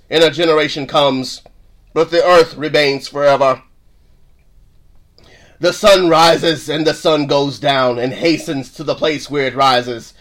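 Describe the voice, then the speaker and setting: Weary old British King Solomon as a man puts him on, solemn measured reading, voice dropped lower and softer. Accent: put-on British.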